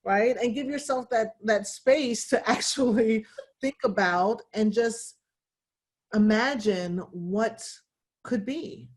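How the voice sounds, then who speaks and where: A woman in her thirties speaks as a guest over a video call. Her manner is relaxed and encouraging, with playful, joking asides. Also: a little high, slow pace. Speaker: guest, law firm founder. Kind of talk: casual video-call interview.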